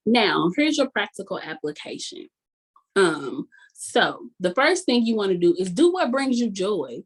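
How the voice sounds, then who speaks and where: A woman life coach giving a motivational talk in a folksy, sermon-like way, repeating key phrases slowly for emphasis. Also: mid-range voice, very animated, slightly rough. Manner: folksy and sermon-like, calls the audience "y'all" constantly.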